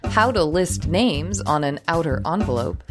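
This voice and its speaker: A woman's voice: low voice, lively intonation, unhurried, music in the background. Chatty woman co-host, strained voice. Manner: chatty, laughs often, many restarts. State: voice strained from overuse. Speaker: podcast co-host. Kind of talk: casual chat.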